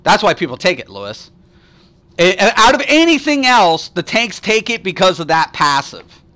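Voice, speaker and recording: A man's voice: sits high, sing-song, moderate pace, bright, forceful tone. A man chatting casually on a live stream, answering viewers at length with rambling, profane rants and lots of fillers.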